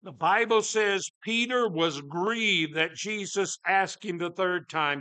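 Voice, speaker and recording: Slow, bright-voiced preacher man. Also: high-pitched, clean tone, no echo. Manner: dramatic storytelling, swinging from loud to hushed. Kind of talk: sermon storytelling.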